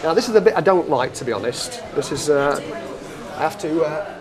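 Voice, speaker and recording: A man's voice: a little high, animated, fairly quick, crowd noise. Wry British man doing street magic patter. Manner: wry, joking, self-deprecating. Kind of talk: magic performance patter to bystanders. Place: outdoors on a street. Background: music.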